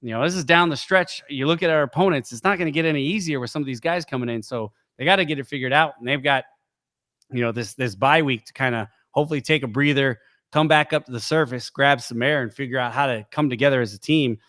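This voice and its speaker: A middle-aged man co-hosts a sports podcast, chatting casually and fast. He's an animated storyteller who jumps into high voices to act out quotes.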